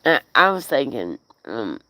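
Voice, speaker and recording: A woman's voice: rumbling low, sing-song, a little slow, pushed and bright, no echo. A woman talking casually to the camera and her dog, profane and giggly, slipping into playful baby-talk. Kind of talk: casual rambling vlog to camera.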